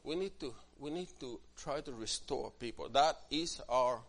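A man's voice: medium pitch, unhurried. Man, pastor, sermon, emphatic and dramatic, mid-range voice. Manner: swings from quiet asides to loud emphatic preaching; acts out quoted church members in different voices.

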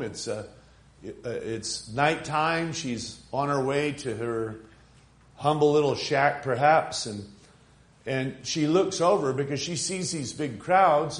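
A male preacher of ordinary pitch retells a Bible story to his congregation. He talks conversationally, with plenty of fillers and rhetorical asides. His voice rings with noticeable room echo. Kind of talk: sermon storytelling. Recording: echoey room.

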